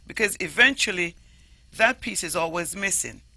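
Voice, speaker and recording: A Jamaican woman, a storyteller, explaining things in an animated interview. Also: on the low side, moderate pace, creaky, no echo. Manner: animated, explanatory, stresses words emphatically. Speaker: storyteller guest. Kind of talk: interview conversation.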